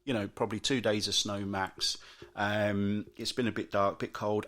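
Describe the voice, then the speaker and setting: Ranting British man with a lowish voice. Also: steady tone, normal speed, fairly bright tone. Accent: British English. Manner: chatty ranting, mocks moaners in put-on voices. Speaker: podcast host. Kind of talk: solo podcast monologue.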